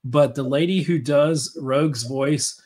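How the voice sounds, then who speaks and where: A man's voice: on the high side, a little slow, darkish tone. Enthusiastic rambling man hosting. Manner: rambling, enthusiastic, many fillers and restarts. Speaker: podcast host. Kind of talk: casual chat.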